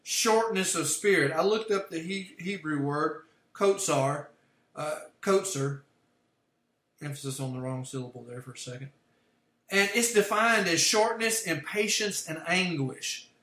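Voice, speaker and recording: A man's voice: fairly high pitch, normal speed, pushed and bright. A man leading a livestreamed Bible study, explaining word meanings step by step. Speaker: Bible teacher. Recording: echoey room.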